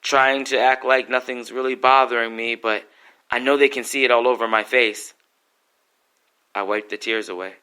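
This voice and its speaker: Intense spoken-word man, bright clear voice. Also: mid-range voice, steady tone, moderate pace. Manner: emotional, intense, pleading.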